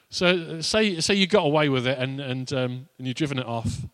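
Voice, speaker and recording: A man's voice: a little high, steady tone, measured pace, a bit bright, no echo. A man preaching a sermon as a pastor, in a conversational, playful way with asides.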